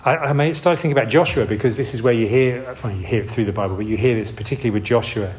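A man's voice: mid-range voice, very fast. A man giving a casual, rambling sermon. He restarts often and makes asides. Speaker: preacher. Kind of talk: informal sermon.

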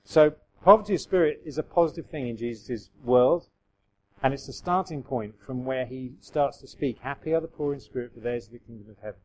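A man's voice: mid-range voice, a little fast, poor audio. A middle-aged man preaching a sermon in a conversational way, acting out quoted voices with self-deprecating humour. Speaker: pastor.

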